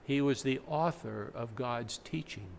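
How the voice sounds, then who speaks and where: A male pastor speaks at a measured pace, his medium pitch tinged with vocal fry. He preaches like a teacher, explaining and reading dramatically, in a church sanctuary where the sound echoes over faint background noise.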